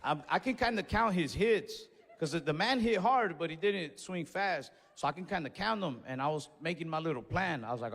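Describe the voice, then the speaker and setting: A man doing stand-up, telling a story in a casual, profane way with sudden shouted bursts, recorded live on stage. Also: fairly high pitch, expressive, normal speed, hardly any pauses. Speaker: stand-up comedian. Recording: reverberant live venue with faint ambience.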